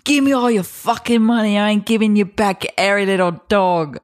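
A woman's voice: mid-range voice, fairly quick, no echo, studio quality, close to an everyday voice. A woman putting on a drunk British gangster. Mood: menacing. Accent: put-on British. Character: drunk broke British gangster robbing someone.

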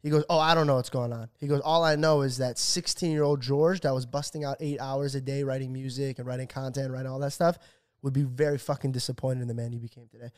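A podcast co-host in his twenties speaks quickly and loosely into the mic at an ordinary middle pitch. In casual chat he tells a story with animated swearing, imitating the voices of those he quotes.

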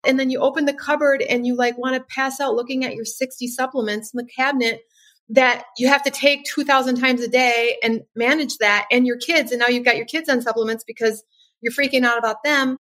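A woman's voice: on the high side, steady tone, fairly quick, fairly bright tone. A middle-aged woman guest on a podcast, earnestly recounting her experience in casual conversation and acting out her past thoughts. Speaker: podcast guest, nervous system coach. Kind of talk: casual interview chat.

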